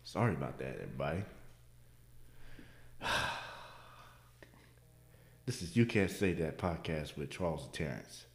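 A man co-hosting a podcast in casual comedic chat, loud and animated, joking with bursts of high laughter. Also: unhurried, long pauses. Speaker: podcast co-host. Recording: roomy echo.

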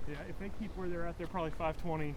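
A man's voice: a little high, steady tone, rapid-fire, crowd noise, rough recording. A man co-hosting a podcast while running outdoors on city streets, chatting easily and setting up his partner's jokes. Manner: easygoing, feeding setups for his partner's jokes. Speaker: podcast co-host. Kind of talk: casual chat while running a marathon. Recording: outdoor street noise around the mic.

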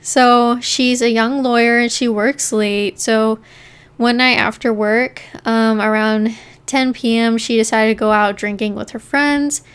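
A woman's voice: a little high, fairly even intonation, measured pace, clear, resonant tone. A woman co-hosting a podcast, casually telling a true-crime story and often saying "like" as she goes. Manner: chatty, leans on "like" while narrating.

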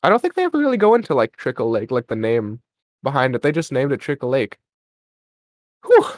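A man's voice: medium pitch, big pitch swings, fairly quick, dry recording, studio quality. A young man co-hosting a podcast, chatting casually about a radio drama episode and wandering off on self-interrupting tangents. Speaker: podcast co-host.

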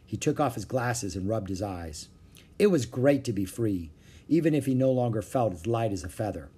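A man reading a children's chapter book aloud, with expressive narration. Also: on the low side, normal speed, breathy edge. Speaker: storyteller.

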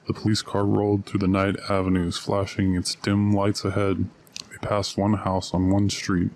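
A man reading a short story aloud in steady, measured narration. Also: low voice, dry recording.

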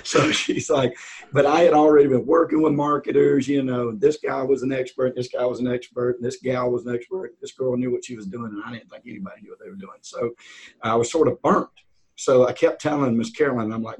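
A man, a real estate auctioneer, telling a rambling, animated story as a guest on a podcast. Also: mid-range voice, fairly quick, slightly rough, low-quality recording. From north of Atlanta, US. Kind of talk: casual storytelling in a podcast interview.

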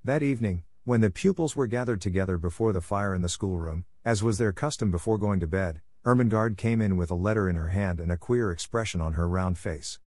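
Low-voiced man reading a storybook. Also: brisk, hardly any pauses, a little mellow, dry recording. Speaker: narrator. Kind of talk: scripted storybook narration.

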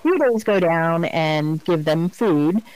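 A woman co-hosting a podcast, chatting casually and telling animated, funny stories. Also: sits low, slow, low-quality recording. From Virginia, US. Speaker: podcast co-host. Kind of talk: casual chat.

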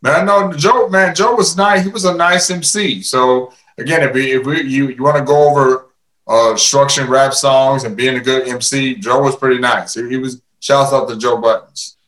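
Man, podcast guest, casual chat, animated, repeats words, roomy echo. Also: medium pitch, moderate pace. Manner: animated, repeats words when starting sentences, laughs often. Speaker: podcast guest, former fighter.

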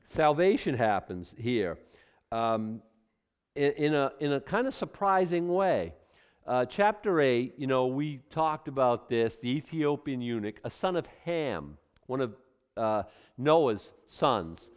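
A man preaching a conversational sermon to a congregation, with animated asides and frequent restarts. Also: medium pitch, unhurried. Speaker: pastor. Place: church room with a congregation.

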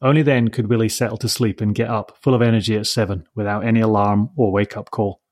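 A man reading a children's story aloud in a gentle, measured way, softly giving voice to the dialogue. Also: fairly low pitch, steady tone. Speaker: narrator. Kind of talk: storybook narration.

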